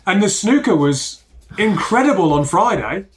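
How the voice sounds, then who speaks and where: A man hosting a tech podcast, his voice sitting somewhat high. He talks in an easy, conversational way and steers the chat between topics. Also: very animated, moderate pace. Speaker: podcast host.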